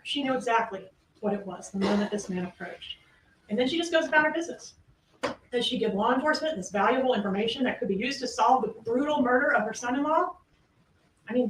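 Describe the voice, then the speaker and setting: A woman's voice: a little high, bright, forceful tone, slight background noise. Distant, echoey woman arguing in court. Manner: emphatic, rhetorical questions. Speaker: prosecutor. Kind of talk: courtroom closing argument. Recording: echoey room, distant mic, faint ambience.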